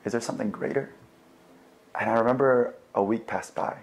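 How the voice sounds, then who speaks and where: A young man telling his faith testimony in a relaxed, conversational way, with fillers and replayed conversations. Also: medium pitch, brisk. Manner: animated, acts out both sides of remembered conversations. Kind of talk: personal storytelling.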